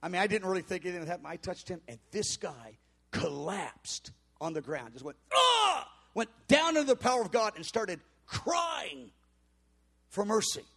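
A middle-aged man, a pastor telling a story in a sermon, acting out voices with sudden shouts and quiet mutters. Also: high-pitched, very animated, normal speed, vocal fry, husky.

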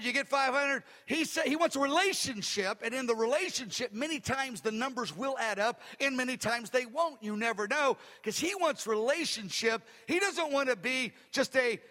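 A male pastor telling stories in a sermon, acting out the dialogue in an animated way. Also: extremely high pitch. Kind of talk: sermon storytelling. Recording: long reverb of a large hall.

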